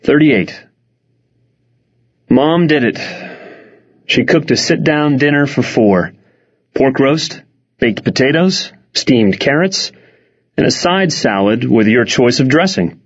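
Man narrating an audiobook with a lively lilt. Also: medium pitch, slow, long pauses, husky. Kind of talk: first-person audiobook narration. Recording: dull lo-fi recording.

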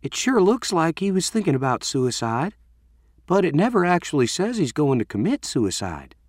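A man voicing a teenage girl in a storybook reading, soft and puzzled. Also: fairly high pitch, big pitch swings, moderate pace, no room sound, clean studio sound, pitched above the performer's own voice. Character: teenage girl with a thick Southern accent.

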